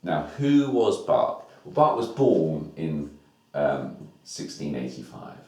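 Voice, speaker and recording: A man's voice: extremely low pitch, sing-song, slow, a little mellow. A man teaching a music lesson, explaining new terms step by step in an informal way. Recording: echoey room.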